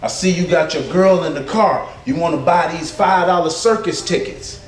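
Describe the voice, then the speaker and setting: A man's voice: a little high, normal speed, over a noisy crowd, lightly acted. A man voicing a pushy street hustler who sells fake tickets, slangy and coaxing. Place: comedy club stage. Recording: echoey club from a distant mic.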